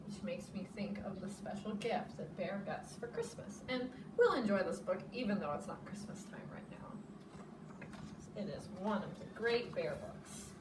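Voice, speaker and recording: A woman's voice: medium pitch, very animated, unhurried. A woman preschool teacher reading a picture book aloud to children, explaining words as she goes. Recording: echoey room, from a distance, noisy.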